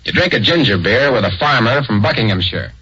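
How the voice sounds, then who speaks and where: A man's voice: fairly low pitch, animated, a little fast, bright, forceful tone, breathy edge, dry recording. A man narrating a 1940s radio program in a conversational, explanatory way, on a dull old recording.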